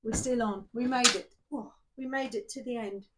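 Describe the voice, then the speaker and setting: A woman's voice: fairly high pitch, steady tone, moderate pace, very noisy. A young woman giving a casual tarot reading to camera, chatty and emotional, laughing and near tears as she talks. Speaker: tarot reader.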